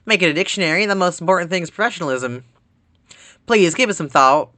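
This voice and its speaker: A brash male writer with a put-on country drawl, as a streamer voices him, loud and cocky, with a bright, sharp edge and the pitch pushed well above his usual talk. The lines come fast and folksy, read from a game. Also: lively intonation, no echo. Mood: earnest. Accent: put-on American country accent. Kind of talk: reading game dialogue aloud with voices.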